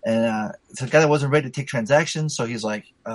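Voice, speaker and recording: A man's voice: mid-range voice, quick pace, dry recording, rough recording. A man telling a rambling, profanity-laced story in casual chat, full of fillers.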